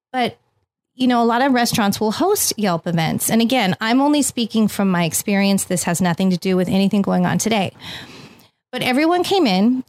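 A woman in her thirties speaks straight to her followers in a casual, fired-up rant. Her voice sits at a middle pitch. It is recorded dry and close, with no room sound. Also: no room sound. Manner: heated, emphatic storytelling. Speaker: influencer and vlogger. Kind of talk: casual talk to camera.

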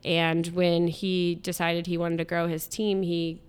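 A woman's voice: fairly low pitch, completely flat delivery, measured pace, smooth. A woman answering interview questions, earnestly explaining her work in civic programs with a few "um" fillers.

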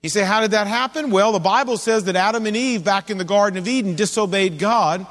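A man's voice: sits high, brisk, few pauses, a bit bright, big-room sound. A man preaching a sermon in a conversational way, asking his listeners questions as he goes. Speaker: pastor.

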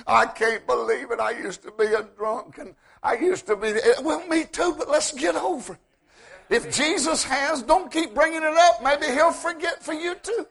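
A man preaching a sermon in a folksy, joking way, repeating words as he builds up and rising to shouts at his high points. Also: vocal fry. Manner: repeats words when starting sentences.

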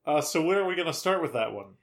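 A man co-hosting a podcast, chatting loosely and reading the show's plugs. His voice sits slightly high. His humor is dry and offhand. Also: animated, quick pace. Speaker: podcast co-host. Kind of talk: casual podcast banter.

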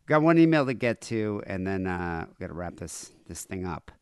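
A man's voice: low voice, big pitch swings, moderate pace, darkish tone, clear, resonant tone, dry recording, clean studio sound. A man co-hosting a podcast, chatting casually in a rambling, crude, joking way. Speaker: podcast co-host. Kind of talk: casual chat.

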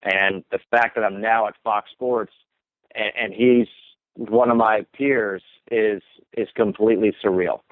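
Guy on a tinny phone line, lowish voice, dry, rambly storytelling with lots of ums. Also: fairly even intonation, unhurried, no echo. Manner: casual storytelling with many ums and restarts. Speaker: sports broadcaster, guest. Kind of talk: relaxed interview answers.

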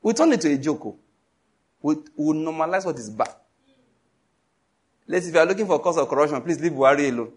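A middle-aged man with a Nigerian accent preaching a sermon, emphatic and animated, full of rhetorical questions. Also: on the high side, quick pace, long pauses, breathy edge.

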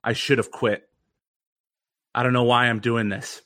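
A man's voice: medium pitch, flat delivery, measured pace, a bit bright. A young man telling an earnest, reflective story as a podcast guest. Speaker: guest, former pitcher and mental conditioning coach.

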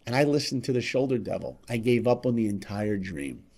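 A man on a podcast telling a motivational life story, speaking straight to listeners and swinging between loud emphasis and quiet asides. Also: fairly low pitch, very animated, a little fast. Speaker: podcast guest.

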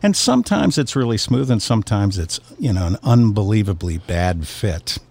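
Older voice-over guy, gravelly and low, rambling casual chat. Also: lively intonation, normal speed, a little mellow, slight background noise. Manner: rambling, hesitant with fillers. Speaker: voice talent and producer.

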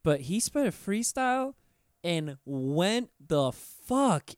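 A man's voice: high-pitched, very animated, takes it slowly, no echo, studio quality. A man hosting a podcast in casual, slangy chat, laid-back and profane as he hypes up artists. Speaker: podcast host.

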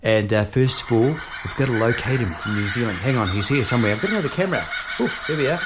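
A man's voice: mid-range voice, expressive, fast talker, heavy background noise. A jovial, chatty man hosting a casual video chat, laughing easily. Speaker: host. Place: Melbourne.

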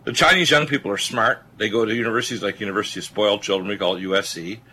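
A man's voice: lowish voice, rapid-fire, pushed and bright, slight background noise. A man hosting a talk radio show, speaking emphatically and rambling with many filler uhs.

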